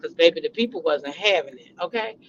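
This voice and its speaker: A woman's voice: low-pitched, a little fast, fairly bright tone, a little hiss or hum. A middle-aged woman hosting a casual gossip chat. She talks animatedly, repeats names and breaks into dramatic exclamations. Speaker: host. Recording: dull lo-fi recording.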